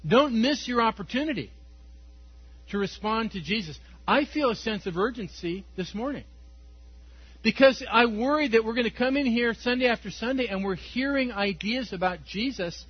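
A man preaching a Sunday sermon, reading scripture and speaking with animated emphasis, often chuckling, then dropping to quiet, earnest tones. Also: high voice, moderate pace, breathy edge, dry recording, muffled recording. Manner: animated, laughs often, swings between loud emphasis and quiet intensity. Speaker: pastor.

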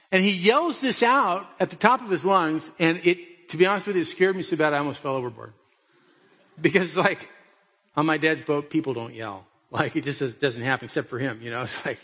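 A middle-aged male pastor with a fairly high, husky voice delivers a sermon in a loose, storytelling manner, pressing his listeners with direct questions. His voice carries a long reverb from a large hall. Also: lively intonation, moderate pace, fairly bright tone. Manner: conversational storytelling with pointed rhetorical questions.

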